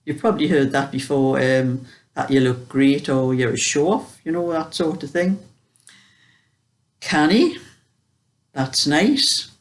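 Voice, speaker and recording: A woman's voice: a bass voice, normal speed. A woman with a Geordie accent chatting casually to camera as a vlogger, homely and full of small hesitations. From Newcastle upon Tyne, England.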